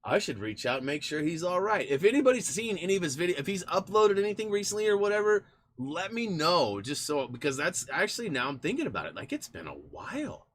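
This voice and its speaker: A man's voice: sits high, big pitch swings, fast, fairly bright tone. A man hosting a casual live stream from in front of a green screen, chatting in a rambling way and thanking supporters by name.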